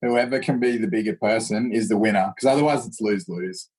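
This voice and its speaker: Husky, fairly low and a little fast, this Australian man's voice comes through poor audio. A martial arts instructor, he tells stories in a casual interview, animatedly mimicking the people he quotes.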